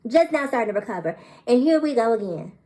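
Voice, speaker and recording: A woman vlogger talking straight to camera in an animated, incredulous way, repeating phrases for emphasis and laughing in disbelief. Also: a little high, quick pace, low-quality recording. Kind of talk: direct-to-camera commentary.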